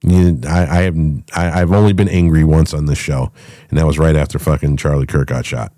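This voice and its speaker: A middle-aged man hosting a talk show, ranting with loud, profane, emphatic delivery and a voice that swings up and down. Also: a bass voice, steady tone, a little fast, dry recording, studio quality. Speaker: podcast host.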